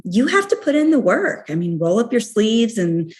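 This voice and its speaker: A woman's voice: on the high side, sing-song, normal speed. A woman in her forties, a founder talking candidly and with animation in a casual interview, laughing often. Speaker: guest, company founder.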